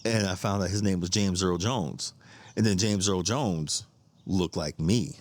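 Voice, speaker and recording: A middle-aged man with a lowish voice, hosting a podcast and telling stories in a loose, rambling way. He repeats himself as he goes, laughs easily, and swears casually. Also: unhurried, dry recording. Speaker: podcast host. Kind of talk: casual storytelling monologue.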